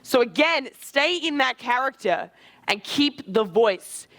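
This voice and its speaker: A man coaching a live social skills seminar, energetic and casual, with quick asides and swearing. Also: extremely high pitch.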